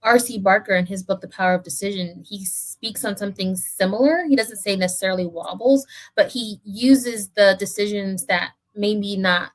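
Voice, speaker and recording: A woman's voice: mid-range voice, normal speed, few pauses. A woman hosting a casual podcast conversation, speaking in a thoughtful, reflective way. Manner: thoughtful, reflective, lots of fillers.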